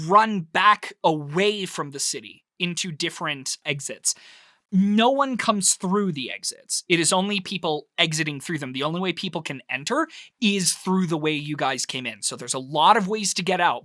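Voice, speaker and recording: A man's voice: on the high side, expressive, normal speed, sharp tone, no room sound, studio quality. A man narrating a tabletop game as game master, drawing out words for emphasis as he describes scenes.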